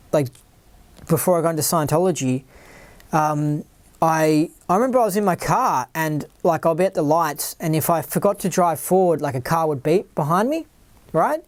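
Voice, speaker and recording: A podcast host talking in a casual, rambling monologue, full of "like" and repeated words, sometimes putting on a higher, worried voice to mimic others. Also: darkish tone, dry recording.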